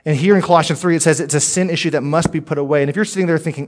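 A man preaching a sermon as pastor, earnest and direct, swinging between emphatic lines and hushed ones. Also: a little high, fairly even intonation, rapid-fire, few pauses. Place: church, streamed online.

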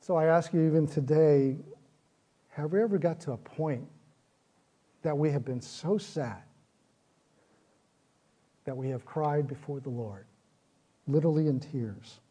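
A man's voice: fairly high pitch, unhurried, pauses often, mellow, breathy edge. A man preaching a sermon, earnest, with repeated phrases that build in intensity. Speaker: pastor.

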